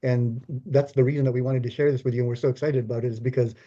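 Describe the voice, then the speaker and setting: A man with a very dark, mellow voice speaks steadily and affirmingly, his talk full of fillers. The recording sounds dull and muffled. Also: medium pitch, fairly even intonation, very fast. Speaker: co-host. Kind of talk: casual conversational talk.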